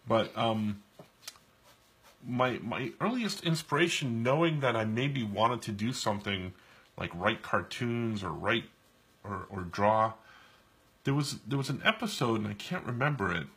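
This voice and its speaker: A man's voice: fairly low pitch, lively intonation, measured pace, a bit bright, husky. A man from New York co-hosting a live stream, chatting casually and telling rambling stories with many restarts while he draws. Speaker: co-host and artist drawing live. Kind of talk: casual chat while drawing.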